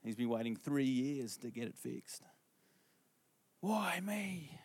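A man's voice: mid-range voice, fairly even intonation, moderate pace, gravelly, dark tone. A middle-aged man preaching a storytelling sermon, conversational and asking the congregation questions.

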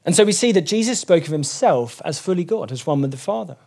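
A male preacher delivering a sermon in a fairly high voice. He speaks earnestly and with emphasis, and his voice lifts whenever he quotes scripture. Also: animated, fast talker, gravelly, mellow, breathy edge. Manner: earnest, emphatic, voice rising when quoting scripture.

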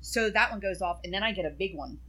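A woman in casual chat, telling an animated personal story and swearing freely. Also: medium pitch, fast, rough recording.

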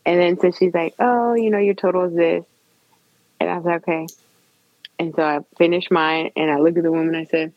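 Husky woman telling a lively story. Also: fairly low pitch, brisk, no echo, muffled recording. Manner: animated storyteller, lively retold quotes. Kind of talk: casual storytelling chat.

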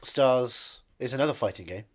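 A man's voice: mid-range voice, moderate pace. A man co-hosting a podcast in casual chat, joking around and breaking into sung bits. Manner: jokey, bursts into impressions and sung bits. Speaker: podcast co-host.

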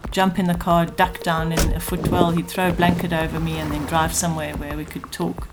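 A middle-aged woman from South Africa recounting her own past in an interview, earnest and halting, often repeating words as she goes. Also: low voice, little pitch movement. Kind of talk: personal storytelling interview. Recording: music playing underneath.

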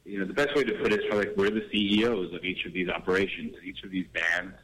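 A man talking as a guest in a radio interview, calling in and speaking in a measured way with many fillers. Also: sits low, fairly even intonation, fairly bright tone, low-quality recording. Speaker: guest, artist manager. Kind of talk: phone-in interview.

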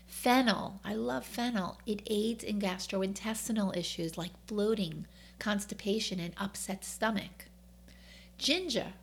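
A woman's voice: mid-range voice, creaky, slight background noise. Upbeat woman with a New York accent. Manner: upbeat, enthusiastic, chatty asides. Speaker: wellness author and host. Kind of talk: scripted wellness talk to camera.

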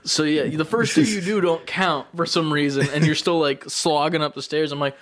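A man's voice: on the high side, steady tone, normal speed, fairly bright tone. A young man chatting casually as a podcast co-host, rambling with lots of fillers and swearing. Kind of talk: casual chat.

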